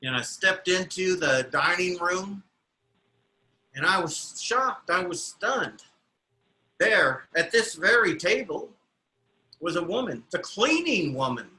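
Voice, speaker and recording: A man's voice: sits high, very animated, slow pace, pauses often, bright, forceful tone, full character voice, poor audio. A man voicing a proud, meticulous young train conductor in a live told story, in an earnest first-person telling. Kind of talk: storytelling performance.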